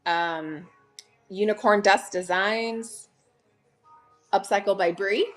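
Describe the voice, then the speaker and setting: A woman hosting a casual live sale from home, chatting warmly and gushing over each item. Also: mid-range voice, slow pace. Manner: chatty, gushing, addresses viewers as "you guys". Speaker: online live-sale seller. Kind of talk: casual live-stream selling chat.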